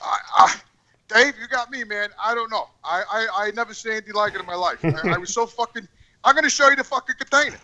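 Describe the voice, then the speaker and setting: Brief: male podcast regular, very high, sharp voice, profane and rambling rants over a video call. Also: lively intonation, fast talker, rough recording. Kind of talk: casual chat, ranting.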